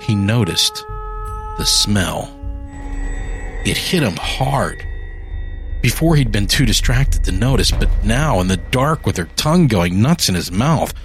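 Low, slow male horror narrator. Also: sing-song, soft background music. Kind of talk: dark horror story narration.

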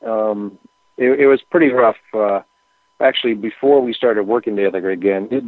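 A man's voice: mid-range voice, no room sound. Man telling stories over a tinny phone line. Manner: relaxed, rambling anecdotes with frequent fillers. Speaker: musician guest. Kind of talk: casual interview storytelling.

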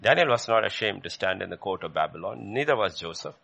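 A man preaching a sermon with a gravelly, bright voice that swings widely in pitch. He repeats phrases for emphasis and jumps high when he quotes questions from scripture. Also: lively intonation, fast talker.

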